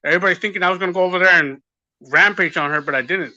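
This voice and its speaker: A man's voice: high-pitched, racing, sharp tone, lo-fi sound. A man, a guest in a casual chat, venting bluntly about people who annoy him.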